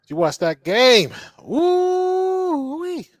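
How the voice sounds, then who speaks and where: Excitable man hosting a sports chat. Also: mid-range voice, dry recording, studio quality. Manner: excitable, drawn-out exclamations. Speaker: podcast host. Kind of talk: casual sports talk.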